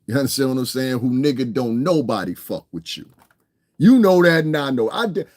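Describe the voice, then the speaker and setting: A man giving a profane, confrontational, mocking rant as an online hip hop commentator, swinging between shouting and muttering. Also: medium pitch, lively intonation, a little fast. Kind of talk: ranting streamed commentary.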